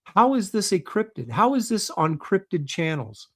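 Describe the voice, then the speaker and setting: A man with a slightly high-pitched voice hosts a loose, chatty livestream. He talks in an offhand, sarcastic way, poking holes in whatever he is shown and reading viewer comments out loud. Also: very animated, normal speed. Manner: sarcastic, skeptical, reads viewer comments aloud. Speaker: livestream host.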